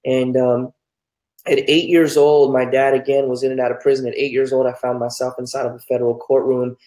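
A man's voice: medium pitch, little pitch movement, a little fast, dark tone, roomy sound, poor audio. A man from New Mexico, a pastor telling his life story candidly and earnestly in an interview. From New Mexico, United States.

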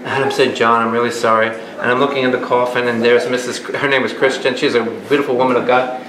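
A man, a priest, teaching a Bible study in a sermon style, with humorous, animated storytelling and rhetorical questions. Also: medium pitch, fast talker, noisy background. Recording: echoey hall with live audience. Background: audience laughter and responses.

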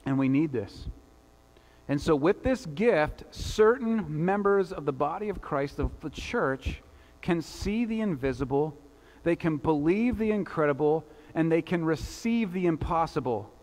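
A man's voice: fairly high pitch, animated, measured pace, a little mellow. A male pastor preaching a sermon in a conversational style, with rhetorical asides to the congregation. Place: church sanctuary. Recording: long church reverb.

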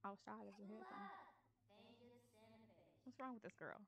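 A woman's voice: medium pitch, very animated, a little slow, very noisy. A woman giving casual, profane, joking commentary while playing a life-sim game, mostly talking to herself, recorded on a new microphone while wearing headphones. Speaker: gamer streamer.

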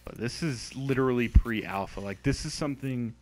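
A man's voice: medium pitch, moderate pace, a little mellow, poor audio. A young man giving casual, exasperated commentary on a game he is playing, swearing and mocking its glitches. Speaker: gameplay commentator.

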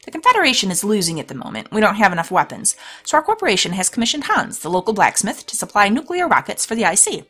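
A woman's voice: mid-range voice, wildly swooping pitch, fast talker, few pauses, bright, forceful tone, breathy edge, full character voice. A woman voicing a talkative, condescending male alien courier in a storybook game. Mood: explaining. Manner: rambling, condescending.

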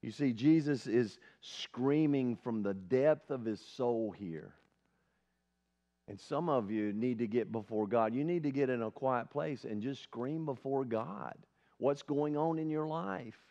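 A man's voice: medium pitch, measured pace, dark tone. A male pastor giving an earnest, conversational sermon at a church service, often asking the congregation questions. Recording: dull lo-fi sermon recording.

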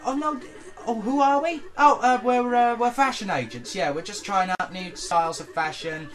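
A man's voice: high-pitched, moderate pace, a bit bright, faint music behind, pitched above the performer's own voice. A man voicing a mock-polite gangster, sinister and smarmy.

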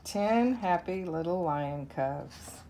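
A woman reading a children's counting book aloud, counting softly and slowly. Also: fairly low pitch, lively intonation. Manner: slow, soft counting. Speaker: narrator.

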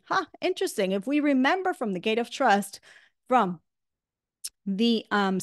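A woman teaching a religious class, lively and chatty, often checking in with "right?". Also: on the high side, dry recording, studio quality. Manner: animated, many rhetorical "right?" asides. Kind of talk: religious lesson.

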